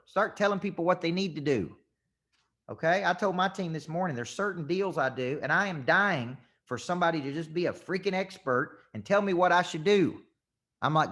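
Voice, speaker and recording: A man's voice: a little high, a bit bright. A man who is a business coach gives a motivational talk to an audience and acts out sales calls as dialogue.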